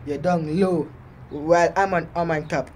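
A man with a notably high voice raps a diss track for his vlog, boastful and taunting. He repeats his jabs over and over, swinging between rhymes and spoken put-downs. A faint hiss of noise sits under his voice. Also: fairly even intonation, moderate pace, a little mellow. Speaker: vlogger rapping a diss track.

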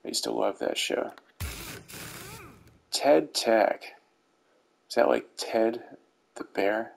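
Speaking slowly in a mid-range voice with vocal fry, a middle-aged man reviews game rewards for his YouTube channel. It's relaxed commentary laid over gameplay, seasoned with dry dad jokes. The audio is low quality, and faint music can be heard behind him.

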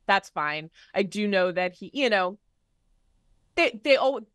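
A woman's voice: medium pitch, lively intonation, unhurried, a bit bright, no room sound. Woman co-host, casual rambling talker, dry sound. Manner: rambling with many "you know" fillers. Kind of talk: casual panel chat.

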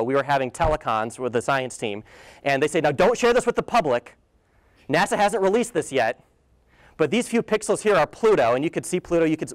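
A man's voice: on the high side, dry recording. A young man giving a guest lecture with slides, enthusiastic and casual, with playful asides and a few fillers. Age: young adult. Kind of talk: presentation talk with slides. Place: lecture hall.

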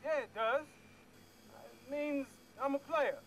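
Brash young man, very high voice, boastful and cocky, game scene. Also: slow, a bit bright, a little hiss or hum, full character voice, rough recording.

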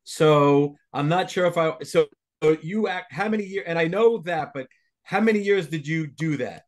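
A man hosting a podcast who asks halting questions and rephrases them as he goes. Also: a little high. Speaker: podcast host. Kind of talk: interview questions.

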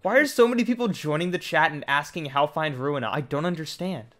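A young man streaming a game live, chatting casually, jokey and excitable, his voice jumping up when he gets indignant. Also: a little high, fairly quick. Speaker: VTuber streamer. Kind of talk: casual livestream chat.

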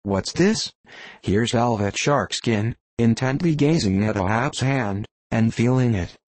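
A crazed young cabin boy drifting in singsong, wandering phrases, put on by a male reader. The voice sits higher than the narrator's but stays slow. Close, dry sound. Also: darkish tone, no room sound, lightly acted. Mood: tender.

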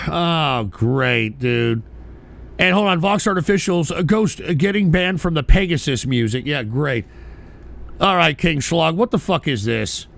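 Loud, profane man ranting on a stream. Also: fairly high pitch, animated, measured pace, gravelly. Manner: profane, combative ranting, bursts into shouting; sarcastic asides. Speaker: live-stream host. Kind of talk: live-stream commentary.

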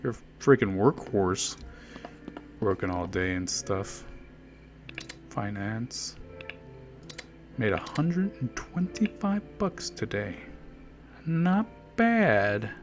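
Over faint game music, a gaming host delivers casual let's play commentary, joking with game characters and talking to himself. His lowish voice is very animated, with drawn-out words and long pauses.

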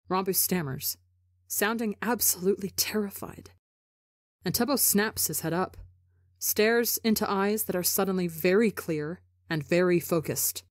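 Lady reading a story aloud, soft and measured, pretty slow. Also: mid-range voice, dry recording, clean studio sound. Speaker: podcast reader. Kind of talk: fan fiction audiobook narration.

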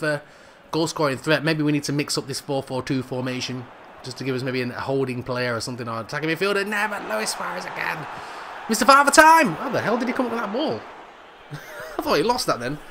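Guy doing football game commentary, pretty high voice, all over the place, cracks jokes and yells when they score. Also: slight background noise. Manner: jokey, excitable, yells at goals. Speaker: gaming channel host.

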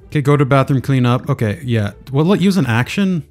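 A man's voice: mid-range voice, expressive, fairly quick, darkish tone, soft background music. A man giving casual let's play commentary, muttering as he thinks aloud. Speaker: gaming video creator.

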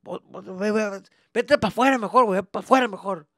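A man voicing his irritated, tired father, who shouts scoldings in Spanish after work. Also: on the high side, expressive, measured pace, gravelly, no echo, clean studio sound, pitched above the performer's own voice.

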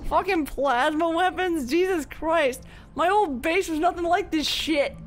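A man's voice: very high voice, measured pace. A man casually commenting on his video game play, chatty and swearing freely as he reacts aloud. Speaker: let's play gamer.

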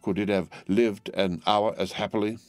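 A man reading an audiobook, voicing a calm, grave wine vendor who speaks slowly and steadily. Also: fairly low pitch, dry recording, close to an everyday voice. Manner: slow, calm and consoling.

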